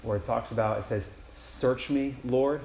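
A man's voice: medium pitch, steady tone, normal speed, creaky, a little mellow, a little hiss or hum. A young man giving a casual, enthusiastic retreat sermon, acting out inner prayers as he goes. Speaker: campus ministry speaker. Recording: echoey room with faint ambience.

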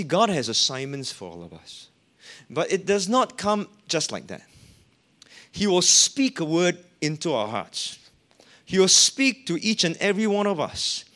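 A man's voice: high voice, bright, forceful tone. A man preaching a sermon as a pastor, with an emphatic, rising and falling delivery.

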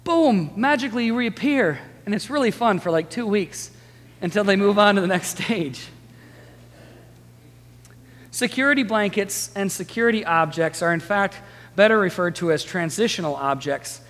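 High-voiced pastor preaching in a reverberant hall. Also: male voice, normal speed. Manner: lively, storytelling, chatty with the congregation. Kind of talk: sermon. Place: church sanctuary.

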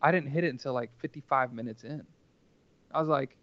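A man's voice: medium pitch, a little fast, a bit bright, dry recording, dull audio. A man telling a personal story casually as a podcast guest, rambling and earnest, with lots of filler words.

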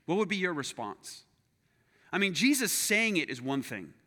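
Young male pastor, lively storyteller, higher voice, big church room sound. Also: normal speed. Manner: animated, acts out his own story with self-deprecating humor. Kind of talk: sermon with personal storytelling. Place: church sanctuary. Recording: long hall reverb.

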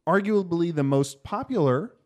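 A man co-hosting a casual podcast chat, joking and animated. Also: on the high side, moderate pace. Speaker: podcast co-host.

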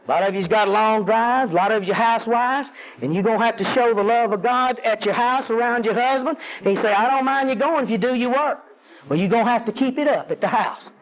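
A preacher with a very high voice, working a congregation with call-and-response and climbing to intense peaks. The recording sounds dull and lo-fi, with muffled highs. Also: male voice. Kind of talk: sermon. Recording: dull lo-fi audio.

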